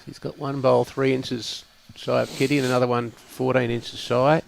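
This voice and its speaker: Gravelly bowls co-commentator. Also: male voice, medium pitch, little pitch movement, slight background noise. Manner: agreeable, brief affirmations and measured analysis. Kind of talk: live sports commentary.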